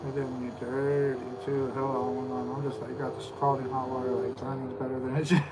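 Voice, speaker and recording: A man co-hosting a podcast on a porch, telling stories in a casual, animated way, with frequent laughs and "you know what I mean.". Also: medium pitch, a little fast. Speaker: podcast co-host. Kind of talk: casual porch chat, storytelling. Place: outdoor porch. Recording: outdoor recording with clear background noise.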